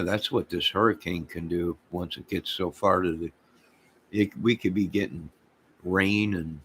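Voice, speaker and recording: Casting: man vlogging, folksy and rambling, slightly low-pitched. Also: a bit bright, slight background noise. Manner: rambling, folksy, loose and talkative. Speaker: small channel vlogger. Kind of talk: casual vlog chat.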